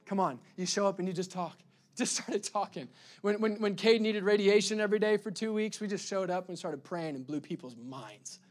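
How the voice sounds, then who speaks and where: A male pastor delivers a sermon in a high, bright voice at a normal pace. He preaches with energy, stumbling over words and starting them again, and now and then erupts into sudden loud bursts.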